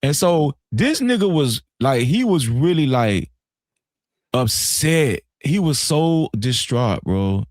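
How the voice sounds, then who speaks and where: A man telling a story casually on a live stream, animated and profane, often repeating himself. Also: mid-range voice, takes it slowly, dry recording, clean studio sound.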